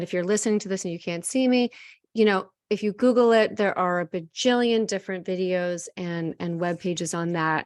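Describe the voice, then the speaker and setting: A woman's voice: medium pitch, no echo, clean studio sound. A woman coach in a casual, candid talk, guiding breathing exercises with frequent fillers. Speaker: host and coach.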